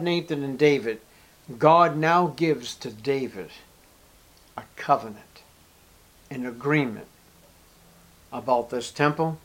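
Man preaching an animated sermon. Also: a little high. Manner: acts out short dialogue between characters, emphatic repetition.

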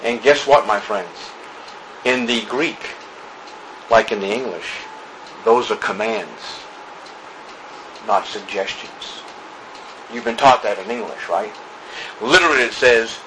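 A man's voice: mid-range voice, lively intonation, background noise. A male pastor preaching a sermon in church during a service, emphatic and repetitive, stretching out key words. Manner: emphatic preaching with repeated phrases and drawn-out words.

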